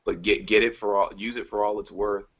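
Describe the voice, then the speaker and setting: Man, low gravelly husky voice, flat delivery, casual panel chat over a dull-sounding video call. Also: a little fast. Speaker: podcast panelist. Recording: lo-fi online call audio.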